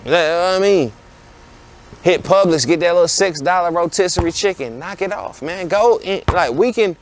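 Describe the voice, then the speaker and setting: Blunt, preachy man with a higher voice. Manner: blunt, preachy, repeats rhetorical questions. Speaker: podcast host. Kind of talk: casual motivational monologue.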